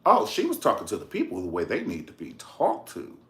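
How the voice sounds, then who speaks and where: A man gives a sassy, campy video review of a documentary as a channel host, calling the listener honey and swearing casually as an animated storyteller. His voice is lowish and brisk, with slight background noise.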